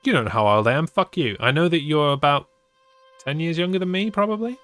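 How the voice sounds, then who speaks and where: A man's voice: fairly high pitch, expressive, a little fast, fairly bright tone, faint music behind. Playful man telling a spooky story. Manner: playful, teasing and self-mocking. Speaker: streamer and storyteller. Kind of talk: live-streamed interactive story reading with chat banter.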